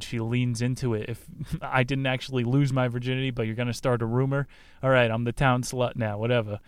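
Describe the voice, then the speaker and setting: A man chats casually through a book summary, loose and irreverent, tossing in crude jokes and laughing asides. His smooth, clear voice sits at a middle pitch, recorded dry inside a car with no echo.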